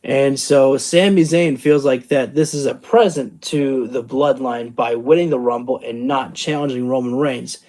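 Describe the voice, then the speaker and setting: A man's voice: mid-range voice, steady tone, measured pace, hardly any pauses, a little mellow. A tired man hosting a casual show review, rambling and thinking aloud with many fillers. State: tired from the late hour. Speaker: wrestling channel host.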